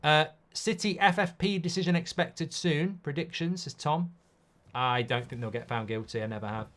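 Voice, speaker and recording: A man's voice: on the high side, normal speed, fairly bright tone. Blunt man hosting a football watchalong. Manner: casual and blunt, reads out viewer comments, swears. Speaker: host. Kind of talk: live football watchalong commentary.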